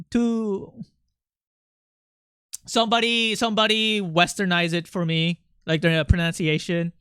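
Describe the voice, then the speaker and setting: Rambling, playful streamer with a bright voice. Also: mid-range voice, smooth, no echo, studio quality. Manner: rambling, playful, many fillers. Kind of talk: casual livestream chat while drawing.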